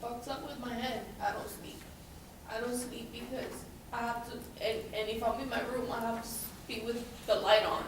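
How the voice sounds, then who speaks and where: A young woman in her twenties, a student, speaks bluntly and haltingly with a fairly high voice, swearing as she goes. Her voice is picked up from across a very echoey classroom by a distant mic. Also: little pitch movement, background noise. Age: 20s. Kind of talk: candid classroom sharing.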